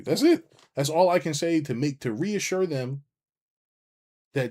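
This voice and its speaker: A middle-aged business coach delivers a blunt, profane, animated rant to his livestream viewers while reading their chat. His voice is a little high, at a moderate pace.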